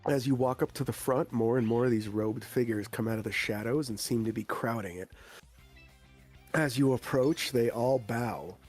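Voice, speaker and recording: A man narrating as game master of a tabletop game, describing scenes in a steady storytelling manner. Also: mid-range voice, normal speed, husky, faint music behind.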